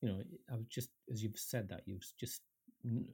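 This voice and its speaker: A man speaks with a mellow, slightly husky voice set a little low. He co-hosts a podcast over a call and talks in a thoughtful, self-questioning way, with false starts. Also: fairly even intonation, a little fast. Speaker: podcast co-host. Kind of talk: casual podcast chat.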